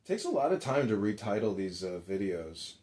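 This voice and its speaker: A man hosting a comedy chat room, rambling through crude stories with deadpan asides. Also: lowish voice, moderate pace. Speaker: host.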